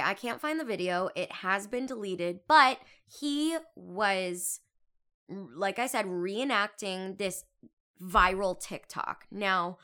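Bright, animated young woman host. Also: mid-range voice. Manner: animated and exclamatory, quick asides. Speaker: podcast host. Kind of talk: casual chatty monologue.

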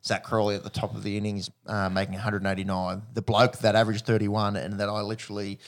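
A man's voice: lowish voice, flat delivery, quick pace. Aussie guy chatting sport on a podcast, blunt and slangy, lots of ums. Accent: Australian. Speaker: podcast co-host. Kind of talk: casual sports chat.

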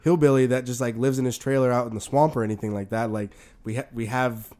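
Fast-talking man in casual chat. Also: mid-range voice, steady tone, warm tone. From New Orleans. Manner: fast, filler-heavy storytelling. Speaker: podcast co-host.

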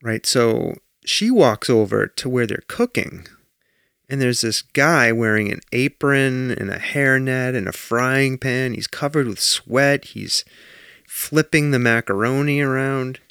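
Creaky-voiced man telling a story. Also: medium pitch, unhurried, no echo, clean studio sound. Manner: animated storytelling with acted-out quotes. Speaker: podcast co-host. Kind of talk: casual chat.

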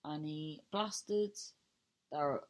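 A woman's voice: low-pitched, drawn-out words. A woman hosting her own podcast, improvising a silly story with lots of restarts, swearing freely and joking at her own expense. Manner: swears freely, self-mocking humour. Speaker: podcast host and comedian. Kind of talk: casual solo podcast chat.

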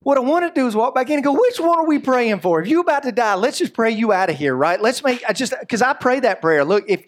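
A man giving a sermon as a pastor. He tells stories with lively humor and often drifts into asides. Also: very high voice, fast talker. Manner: lively, joking storyteller with frequent asides.

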